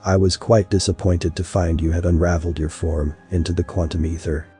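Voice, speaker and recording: In a story reading, a man voices a vengeful human who mocks and confronts a god, his tone bitter and scornful. His deep, husky, mellow voice comes out flat and a little fast, lightly acted over soft background music.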